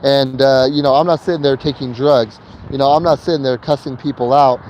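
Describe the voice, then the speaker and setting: A man's voice: medium pitch, fairly even intonation, fairly quick, a little mellow, lo-fi sound, slight background noise. A man telling a personal story in a casual vlog while in a vehicle he is driving, talking loosely with slang and many fillers and repeats. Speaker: vlogger.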